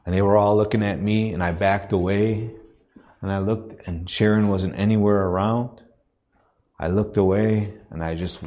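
A deep-voiced man preaching in a church. He tells a personal story earnestly, in halting phrases, then builds into a rhythmic preaching cadence. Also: dark tone. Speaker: missionary preacher.

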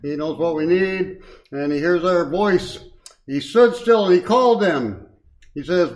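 A man's voice: high-pitched, animated, measured pace, rough recording. An older man giving a short, informal devotion at a Bible study, folksy and chuckling, with many uh's and um's and stronger emphasis when he reads scripture. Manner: folksy, chuckling asides, frequent uh and um. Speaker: lay speaker at a Bible study.

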